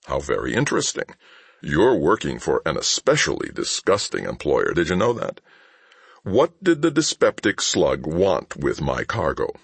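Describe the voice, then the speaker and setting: A man voicing a calm, menacing male shipmaster who makes dryly mocking threats in a conversational tone. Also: very deep voice, normal speed, gravelly, husky, no echo, heavily acted. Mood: calm menace. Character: cool, menacing male shipmaster, sardonic and unhurried. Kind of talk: audiobook character voice.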